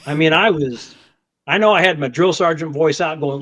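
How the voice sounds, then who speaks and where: This federal agent's voice is fairly high and runs at a normal speed as he describes a confrontation on a dull lo-fi podcast. Lively and conversational, he repeats words, frequently starts over, and acts out the shouting.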